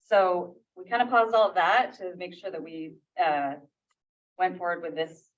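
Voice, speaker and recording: A woman's voice: on the low side, fairly even intonation, moderate pace. A woman on library staff giving an informal update at a public meeting, correcting herself as she goes. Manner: casual, self-correcting, laughs off slips. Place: meeting room. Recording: distant, dull lo-fi meeting audio.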